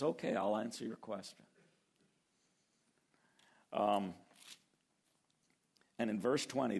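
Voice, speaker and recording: A man preaching a sermon, animated, acting out biblical voices and slowing down to stress key words. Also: mid-range voice, creaky, slightly rough. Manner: animated, acts out biblical voices, slows for emphasis. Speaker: pastor.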